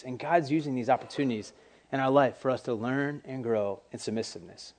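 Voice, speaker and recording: A man preaching a casual sermon to young people, animated and acting out quoted voices. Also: medium pitch, brisk.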